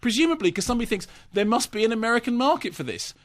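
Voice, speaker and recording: A man's voice: very high-pitched, lively intonation, racing. A man giving a ranting, mock-indignant film review in casual radio studio chat. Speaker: film critic.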